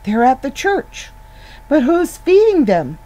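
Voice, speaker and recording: A woman's voice: sits high, big pitch swings, slow, warm tone, rough recording. A woman giving an informal Bible teaching in an earnest, conversational way, often restarting and repeating words as she goes.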